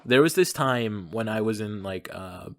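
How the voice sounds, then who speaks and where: A young man chatting on a podcast over a call. He rambles through crude stories, repeats himself, and bursts into loud exclaims. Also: fairly low pitch, animated, moderate pace. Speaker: podcast host. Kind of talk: casual podcast chat. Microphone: remote call.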